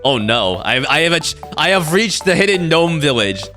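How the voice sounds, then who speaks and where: A man streaming a video game, giving animated, swear-heavy commentary with frequent reactions. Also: on the high side, fairly quick, soft background music. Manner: animated, swears and laughs often. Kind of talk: casual let's-play commentary.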